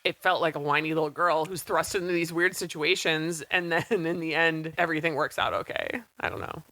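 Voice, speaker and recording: A woman in her late thirties, co-hosting a podcast in casual chat, talking in a chatty, animated way and acting out quotes. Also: low-pitched, fairly quick. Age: 30s. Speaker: podcast co-host. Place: small studio.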